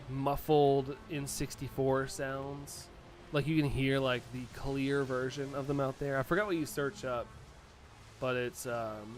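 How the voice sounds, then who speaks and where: A US man casually talks through his live stream, answering viewer chat aloud in a medium-pitched voice. He's a little sniffly from allergies, and a faint hiss or hum runs underneath.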